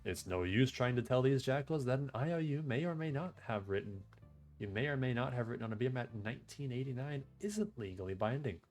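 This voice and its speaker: A man streaming a game, reading its text aloud and chatting casually in a relaxed, trailing-off way. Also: medium pitch, fairly quick, faint music behind.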